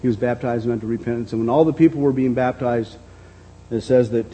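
A man's voice: mid-range voice, fairly even intonation, fast, dark tone, husky, faint music behind, rough recording. A man preaching a sermon. He reads scripture aloud, explains it unhurriedly, and often repeats words as he goes. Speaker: pastor.

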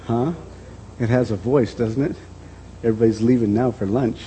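A middle-aged man preaching a reflective sermon as a pastor, dropping to a soft voice and then lifting it again. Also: mid-range voice, fairly even intonation, normal speed, a little hiss or hum, rough recording. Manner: reflective, speaks softly then lifts his voice.

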